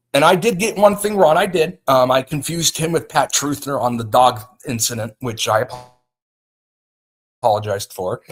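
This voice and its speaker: A man hosting a livestream, ranting agitatedly about a feud, with frequent restarts. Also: medium pitch. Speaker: livestream host. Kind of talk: livestream commentary.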